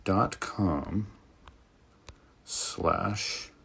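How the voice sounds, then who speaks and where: A man's voice: sits low, extremely slow, gravelly, husky. A man in his fifties, a voice actor hosting a casual fan Q&A stream, rambling easily with fillers. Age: 50s. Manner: relaxed, rambling, many fillers. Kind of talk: casual livestream chat.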